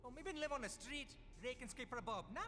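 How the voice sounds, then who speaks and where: An actor playing a cocky young street kid from Guyana, speaking in a heavy Guyanese dialect. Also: male voice, very high voice, fast talker, background noise. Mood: streetwise. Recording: game audio with long reverb and music.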